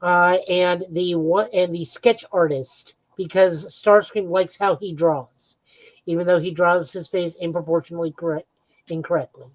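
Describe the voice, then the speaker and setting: A woman's voice: on the low side, steady tone, normal speed, no echo, rough recording. A woman co-hosting a podcast, eagerly recapping comic book plots in a casual chat with frequent "uh"s. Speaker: podcast co-host.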